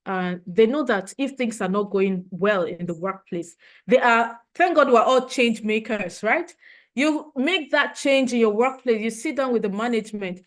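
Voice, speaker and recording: A woman's voice: fairly high pitch, normal speed. A woman trainer giving a motivational leadership talk, earnest and emotional, repeating her points for emphasis.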